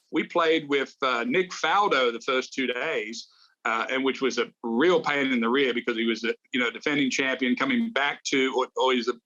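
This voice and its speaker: A man's voice: medium pitch, pushed and bright, muffled recording. A man, a former golf pro, co-hosting a casual chat and telling playful stories. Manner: storytelling, playful.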